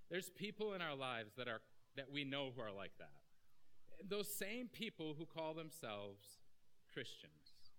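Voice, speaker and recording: A man's voice: fairly high pitch, bright, forceful tone, poor audio. A man preaching a sermon as pastor, talking directly and conversationally to his congregation.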